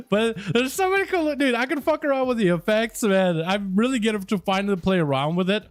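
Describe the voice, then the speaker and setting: A man's voice: high voice, expressive, a little fast. A young man chatting casually with viewers on a gaming livestream, loose and full of swearing. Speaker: gaming streamer. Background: faint music.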